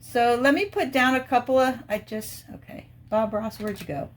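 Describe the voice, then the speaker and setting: A woman's voice: a little high, normal speed. A middle-aged woman hosting a crafting channel, chatting casually and rambling as she thinks aloud while she works on a diamond painting.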